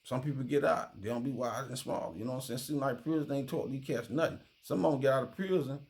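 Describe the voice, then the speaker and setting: Gravelly streetwise man commenting casually. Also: mid-range voice, quick pace, a little mellow. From Miami. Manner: streetwise, repeats "you feel me" often. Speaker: true crime commentator.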